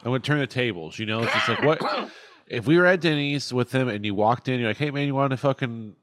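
A man's voice: medium pitch, expressive, fast, fairly bright tone, no room sound. Co-host man making crude jokes. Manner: joking, crude asides. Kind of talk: casual chat.

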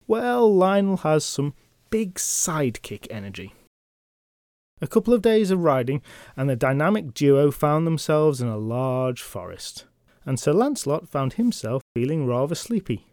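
Man, podcast storyteller, chatty, wry, comic, middle pitch, dry close mic. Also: mellow, clear, resonant tone, dry recording. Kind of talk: comic retelling of legends.

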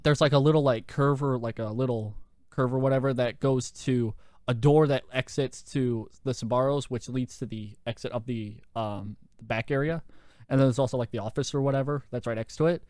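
A young man hosting a podcast, telling a story in a lively, profane way with lots of fillers, into a handheld mic. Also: mid-range voice, brisk, no echo, clean studio sound. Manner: animated, profane, full of fillers. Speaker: podcast host. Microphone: handheld microphone.

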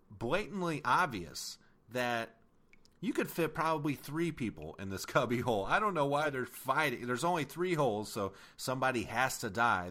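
A man in casual podcast chat about a film, animated and profane, often laughing. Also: medium pitch. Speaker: podcast co-host. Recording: music playing underneath.

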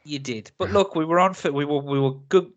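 A man's voice: on the high side, fairly quick, muffled recording. Chatty man reviewing films. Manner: chatty, laughs often, rants with mock accents. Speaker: film review podcast host. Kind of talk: casual chat.

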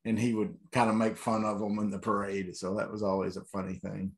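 A man's voice: fairly low pitch, little pitch movement, fairly quick. A man, co-hosting a podcast, easygoing and teasing as he tells stories in casual chat. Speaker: podcast co-host.

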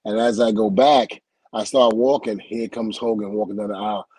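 A man from the United States, a guest in an interview, telling a lively story full of acted-out quotes and laughs. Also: lowish voice, moderate pace, breathy edge, no echo, rough recording. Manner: animated storyteller who acts out quotes and laughs often. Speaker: interview guest, former wrestler.

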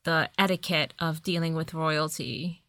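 A woman co-hosting a podcast, casually recapping a movie in an animated, sassy way and swearing now and then. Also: deep voice, unhurried, dry recording. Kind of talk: casual chat.

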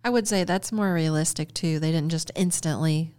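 A woman in casual book-club chat, calm and matter-of-fact. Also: low voice, normal speed, clean tone.

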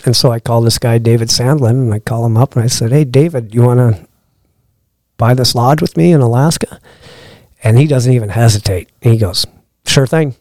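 A middle-aged man, a lodge owner appearing as a podcast guest, tells a long anecdote casually in a mid-range voice at normal speed. He acts out the dialogue of the people in his story with lively energy, and the recording has no room sound.

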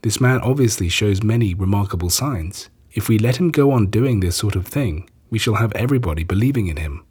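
A man's voice: on the low side, lively intonation, a little fast, darkish tone, husky. A man reading the words of a worried council of priests, a bit urgent. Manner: urgent, plain reading of quoted speech.

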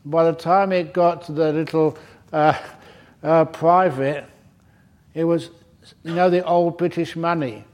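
A man's voice: on the high side, fairly even intonation, a little slow, long pauses, a little mellow. A man giving a dharma talk to a retreat group as their meditation teacher, humorous and digressive, breaking off to joke. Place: retreat centre meditation hall.

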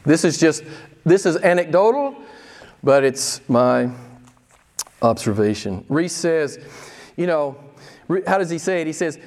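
A pastor in his sixties preaches a candid, conversational sermon in a church sanctuary, putting pointed questions to his congregation. His fairly high voice is expressive and a little mellow, moving a little slowly with long pauses.

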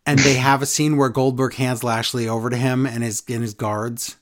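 A man's voice: medium pitch, little pitch movement, moderate pace. A man co-hosting a casual wrestling podcast, ranting and mocking wrestlers with sing-song repeated lines. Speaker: podcast co-host.

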